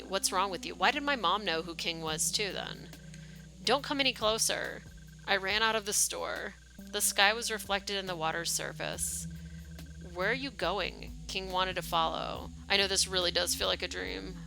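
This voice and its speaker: A woman streamer reads a game's story text aloud, shifting her voice slightly for dialogue and reacting live with casual asides. Her voice is fairly low, creaky, bright and forceful.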